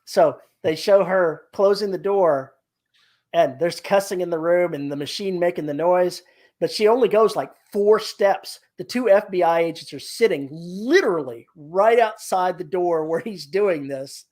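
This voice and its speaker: On a writing podcast, a co-host with a high, slightly mellow voice talks in an unhurried way. He chats casually, retelling a scene like a storyteller and performing the quoted lines.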